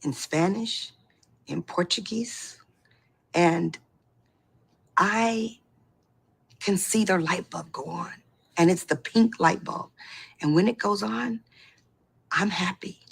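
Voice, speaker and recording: A woman telling her own story as a beauty consultant in an animated, personal testimonial, breaking into excited outbursts. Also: fairly low pitch, takes it slowly, vocal fry, pauses often, slightly rough. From Boston area.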